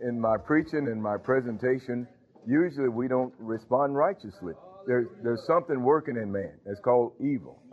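A male pastor giving a sermon, halting with fillers, then building to emphatic points. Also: medium pitch. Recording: tinny phone-like audio.

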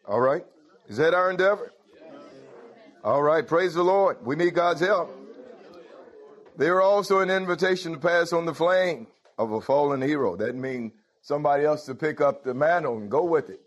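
A man preaching a sermon in a conversational way, often putting questions to his congregation. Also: medium pitch.

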